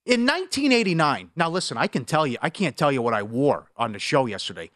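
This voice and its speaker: A middle-aged man co-hosting a sports betting show, telling stories in an animated, rambling way. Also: mid-range voice, fast talker, dry recording, studio quality. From Superior, Wisconsin. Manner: animated, storytelling, jumps between topics. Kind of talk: casual sports radio banter.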